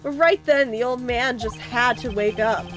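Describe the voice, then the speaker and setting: Woman voicing remorseful young man, earnest subdued confession, high-ish voice. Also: normal speed, over music, natural voice.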